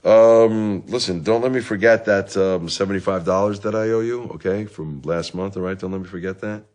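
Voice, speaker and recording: An actor playing a middle-aged divorced dad in therapy, rambling and self-justifying in a comic monologue, with bursts of anger. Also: male voice, sits low, normal speed, a little mellow, natural voice. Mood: self-pitying. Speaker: therapy patient.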